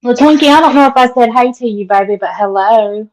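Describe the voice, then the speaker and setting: A woman's voice: on the high side, fairly quick, low-quality recording. A middle-aged woman with a Southern accent, chatting casually with live viewers and greeting them by name. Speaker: vlogger.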